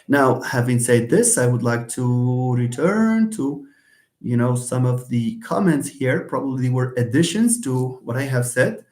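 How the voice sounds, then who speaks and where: A man's voice: medium pitch, expressive, darkish tone. A man gives a live linguistics lecture, his speech full of fillers and restarts. His voice sits in the middle range, and he draws out example words to show their sounds. The recording rings with room echo. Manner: hesitant, many fillers and repeated words; explains slowly, stretching example words. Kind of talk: live online lecture answering comments. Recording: roomy echo.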